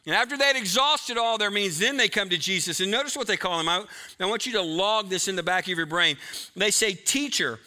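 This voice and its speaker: A middle-aged man preaching a sermon, emphatic, moving between loud stretches and hushed ones. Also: high voice, fairly quick. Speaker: pastor.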